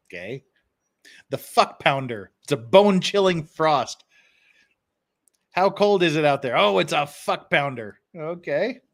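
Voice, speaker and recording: A man's voice: fairly high pitch, expressive, slow pace, long pauses, fairly bright tone. A man hosting a casual live stream, reading phrases aloud and chuckling often.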